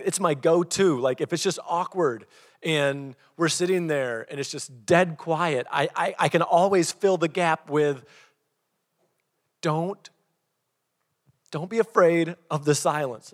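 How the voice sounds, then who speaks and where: A middle-aged man preaches a sermon as a pastor, telling stories in an animated style and acting out what people said. His voice is fairly high in pitch, followed by a long reverb tail.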